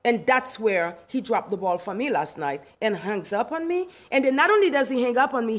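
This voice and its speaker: Middle-aged Haitian woman, fairly high voice, emphatic and indignant, laughs easily; livestream host. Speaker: live stream host. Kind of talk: livestream rant reading chat.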